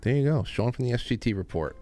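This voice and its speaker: A man hosting a call-in show, talking casually and rambling with many halting restarts. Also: mid-range voice, lively intonation, dark tone, no room sound. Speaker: host. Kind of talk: casual chat.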